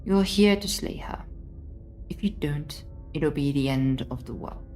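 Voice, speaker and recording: Woman doing a deep-set stern narrator for a game read. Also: measured pace, darkish tone, soft background music, rough recording. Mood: commanding. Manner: commanding, insistent. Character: stern female narrator urging a princess slaying. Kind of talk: reading a game aloud.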